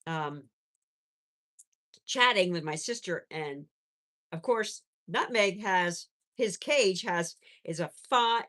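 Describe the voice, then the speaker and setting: A woman's voice: fairly low pitch, expressive, slow, bright, forceful tone. A woman hosting a casual live stream from home on her phone, chatting with viewers and cooing at her pets. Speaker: pet channel host.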